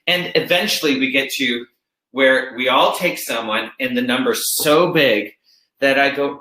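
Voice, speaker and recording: A male elementary music teacher talks through a classroom activity in a chatty, easygoing way and sometimes breaks into slow singing. His voice sits at an ordinary middle pitch. The sound is roomy and echoey. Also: sharp tone. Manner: chatty, demonstrates songs by singing them slowly. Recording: roomy echo.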